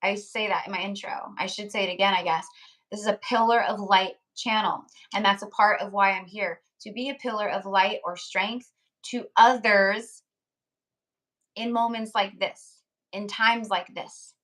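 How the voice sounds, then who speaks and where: Chatty woman with a hoarse voice. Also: mid-range voice, fairly even intonation, moderate pace, fairly bright tone. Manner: chatty, reads out chat names, frequent "like" and laughs. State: voice going hoarse. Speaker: tarot reader hosting a live stream. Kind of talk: casual live-stream chat.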